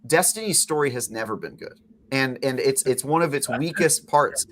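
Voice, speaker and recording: A man's voice: mid-range voice, moderate pace, fairly bright tone, slight background noise. A man giving strong, emphatic opinions in a casual gaming podcast discussion.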